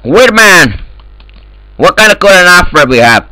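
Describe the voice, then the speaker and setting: A man trolling other players in game voice chat, loud and profane, speaking in broken English. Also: high-pitched, very animated, moderate pace, no echo, rough recording. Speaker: gamer in voice chat.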